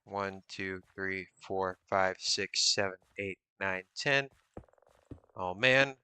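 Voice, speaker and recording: Bright-voiced man chatting while gaming. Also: low voice, slow, smooth. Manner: muttering counts, reading chat aloud, playful mock suspicion. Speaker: streamer. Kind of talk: casual live-stream chat while playing.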